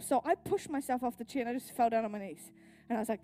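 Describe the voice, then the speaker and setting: A woman's voice: on the high side, quick pace, hardly any pauses, warm tone, soft background music. A woman pastor with a New Zealand accent, pregnant, preaching a sermon at a church service with earnest personal storytelling.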